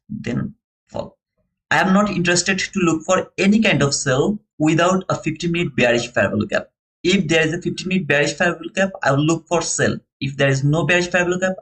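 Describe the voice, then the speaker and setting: A fairly high-voiced young man with a non-native English accent, chatting through a live trading stream. He is earnest and friendly and calls his viewers brother. His talk is casual and unscripted. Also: fairly bright tone, rough recording. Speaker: live-stream futures trader and host.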